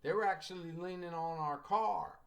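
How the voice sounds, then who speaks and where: A man's voice: sits high, moderate pace, vocal fry. Folksy middle-aged male writing teacher. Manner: folksy storyteller, acts out quoted dialogue, joking asides. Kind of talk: classroom lecture with anecdotes.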